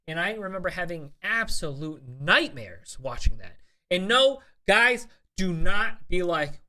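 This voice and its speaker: During a casual live-stream chat, a young adult host talks to viewers in a medium-pitched, sharp-toned voice, very animated but slow. The streamer swears often and keeps stumbling through fillers and restarts.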